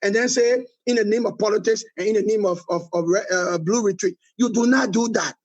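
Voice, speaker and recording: A man's voice: high voice, a little fast, darkish tone, lo-fi sound. A middle-aged man with a Liberian accent, answering interview questions with emphatic political criticism, hammering points by repeating them. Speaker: political movement leader, guest.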